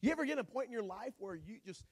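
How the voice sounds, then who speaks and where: A male pastor preaching a sermon in an animated, joking, conversational way. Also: high voice, fast talker, slightly rough.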